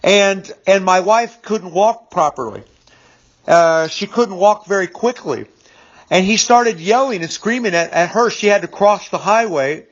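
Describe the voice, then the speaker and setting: A man's voice: high-pitched, measured pace. A man in his fifties telling a personal story in a casual, rambling monologue, repeating words and using lots of fillers. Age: 50s. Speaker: business speaker. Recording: dull lo-fi recording.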